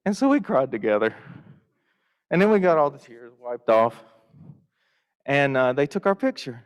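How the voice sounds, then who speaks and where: A man's voice: medium pitch, animated, normal speed, clean tone. Folksy man in a hall. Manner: folksy storytelling, y'all. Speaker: Rotary district leader. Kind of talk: conference welcome speech. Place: conference hall. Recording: reverberant hall.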